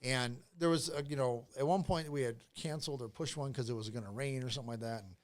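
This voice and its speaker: A man's voice: mid-range voice, fast. Rambling, cussing man telling a story. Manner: rambling, profane, lots of fillers and restarts. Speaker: podcast guest. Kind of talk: casual storytelling.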